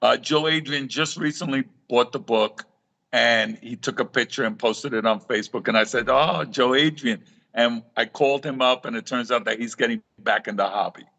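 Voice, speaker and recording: This middle-aged reef aquarium author, a guest on a live talk show, tells stories and acts out quoted dialogue, frequently restarting his sentences. His medium-pitched voice moves at a moderate pace, fairly bright with some vocal fry.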